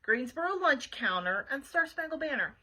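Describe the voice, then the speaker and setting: Lively woman librarian for a kids' read-aloud, high and bright, talks straight to the kids. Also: normal speed, poor audio. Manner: chatty asides to young listeners. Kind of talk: reading a children's book aloud.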